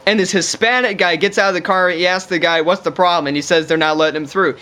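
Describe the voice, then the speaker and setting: A man with a fairly high voice rambles through a casual, profane monologue to camera. He piles on fillers like "you know" and "like" as he talks. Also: fairly even intonation, fast, pushed and bright. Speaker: vlogger.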